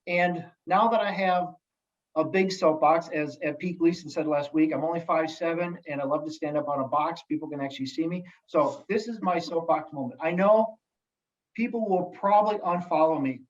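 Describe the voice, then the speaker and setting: A man speaking as a guest in casual podcast chat, telling stories in an animated, jokey way with many restarts. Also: a little high, moderate pace, highs cut off. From United States. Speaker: guest, sales executive and elected official.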